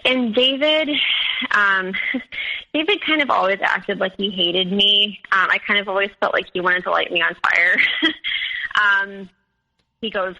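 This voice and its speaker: A woman's voice: medium pitch, moderate pace, pushed and bright, rough recording. A woman guest recounting a personal story in an interview, talking hesitantly with many fillers and restarts.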